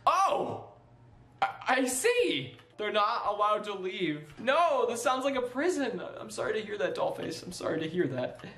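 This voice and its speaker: A man doing excited, nervous gameplay commentary, reading lore aloud and giggling often. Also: high-pitched, unhurried. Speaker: gaming YouTuber.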